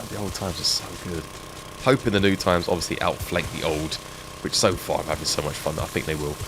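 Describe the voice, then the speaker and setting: A man's voice: low-pitched, background noise. A middle-aged man with an English accent, chatting casually with his live-stream audience while he plays a game, reminiscing and laughing often.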